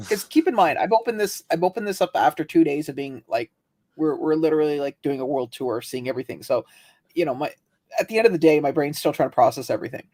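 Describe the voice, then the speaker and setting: A man co-hosting a livestream, telling rambling, animated stories and laughing often in casual chat. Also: fairly high pitch, fast. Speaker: livestream co-host.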